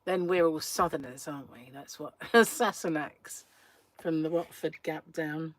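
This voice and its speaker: A woman's voice: low voice, unhurried. A woman, hosting a casual live stream, telling a chatty story and laughing often. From England. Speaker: crochet livestream host.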